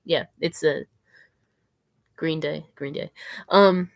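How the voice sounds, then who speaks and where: Woman, live-stream chat, rambling, stream-of-consciousness, giggly, self-mocking, lowish voice. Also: slow. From Southern United States.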